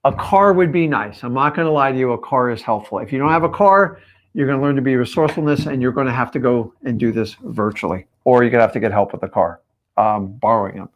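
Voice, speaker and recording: A man's voice: medium pitch, fast, lo-fi sound. A man teaching in a live stream, punchy and emphatic, firing rhetorical questions at his viewers. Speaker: real estate coach.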